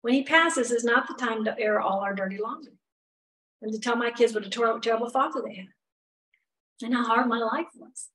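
Brisk and a bit bright, a middle-aged women's Bible study teacher speaks with a fairly high pitch. She keeps things conversational and candid with frequent "you know" asides, recorded somewhat far from the microphone.

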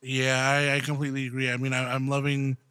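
A man's voice: medium pitch, monotone, quick pace, fairly bright tone, clear, resonant tone, no room sound. A man co-hosting a casual chat, talking frankly with loose swearing and stumbling restarts. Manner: frank, swears freely, stumbles over words. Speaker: podcast co-host.

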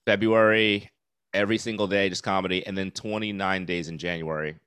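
Candid forty-something man, low smooth voice. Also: fairly even intonation, fairly quick, a bit bright, dry recording. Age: 40s. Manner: candid, laughs easily, rambling with fillers. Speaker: comedian guest. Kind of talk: casual podcast chat. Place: New York City.

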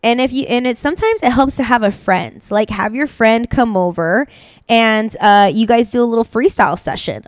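A young adult woman hosting a casual dance podcast, talking in an animated, chatty way with quick asides and fillers. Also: fairly high pitch, no echo, studio quality. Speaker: dance and mindset coach, podcast host.

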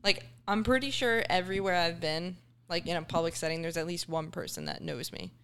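A young woman with a lowish voice talks fast and candidly in casual podcast chat. She keeps a quick, open, giggly manner. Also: a bit bright, clean tone. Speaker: fitness influencer.

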